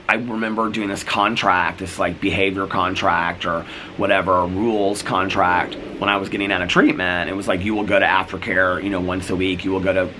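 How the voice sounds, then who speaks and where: Chatty deep-voiced man telling a story. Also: bright, forceful tone, a little hiss or hum. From United States. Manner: chatty, full of "like" and "you know", acts out quoted exchanges. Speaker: vlogger. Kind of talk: casual storytelling to camera.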